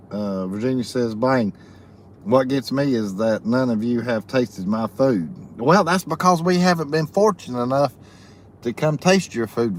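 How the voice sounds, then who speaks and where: The livestream host is a man of medium pitch who reads viewer comments aloud with folksy charm and frequent laughs. It's a casual live chat, with slight background noise.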